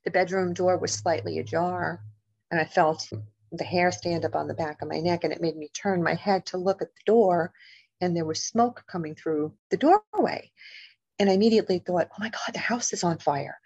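A middle-aged woman, a guest author and paranormal investigator, telling a personal story in an animated, emotional way, acting out the voices of the people in it. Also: lowish voice, normal speed, gravelly, husky, no echo, highs cut off. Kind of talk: storytelling in a podcast interview.

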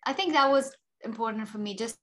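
A woman's voice: on the high side, brisk, a bit bright, soft background music. A young adult woman with a South African accent, chatting casually as an interview guest and filling her talk with "you know". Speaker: actor and filmmaker guest.

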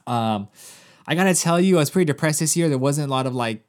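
A man's voice: fairly high pitch, fast talker. A man in his thirties, a podcast co-host, telling a story in casual chat, swearing often and acting out other people's lines. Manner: animated, profane, acts out other people's lines.

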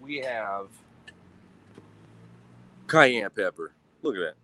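Brief: male livestream host, lowish voice, cussing, rambling, self-mocking, recorded outdoors on a phone. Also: expressive, slow pace, bright, forceful tone, rough recording. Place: outdoors at a grill.

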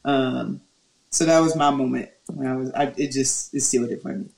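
Animated woman on a roomy mic. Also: extremely low pitch, normal speed, creaky. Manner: animated storyteller who acts out quotes. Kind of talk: casual sports chat.

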